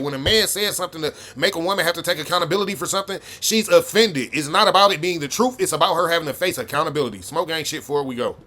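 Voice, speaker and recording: A man's voice: fairly high pitch, rapid-fire, few pauses, bright, forceful tone. A man hosting a reaction video, giving blunt, profane, heated commentary.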